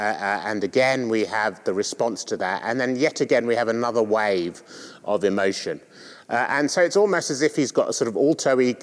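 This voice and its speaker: A man preaching a sermon, who often stops to hesitate with fillers and restarts. His voice sits at a middle pitch for a man. Long reverb trails after every phrase. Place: church.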